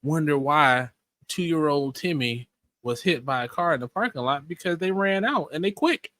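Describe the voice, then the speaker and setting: Bright-voiced laid-back man, dry sound. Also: a little high, lively intonation, normal speed, dry recording. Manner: easygoing, wry, mild-spoken. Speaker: podcast co-host. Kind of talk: casual chat.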